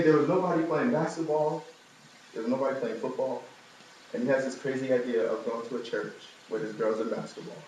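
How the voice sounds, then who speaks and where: Man telling a story in an echoey hall. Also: slight background noise. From New York. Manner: storytelling, humorous asides, animated rises in pitch. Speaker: speaker giving a testimony. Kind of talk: personal testimony to a live audience. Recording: very echoey room, from far off.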